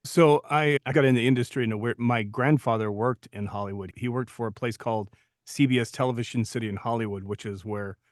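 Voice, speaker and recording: A man in his fifties, co-host of a podcast, telling stories from his acting career in a relaxed, reflective way. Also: fairly low pitch, no echo, studio quality. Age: 50s. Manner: storytelling, reflective. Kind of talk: casual podcast chat.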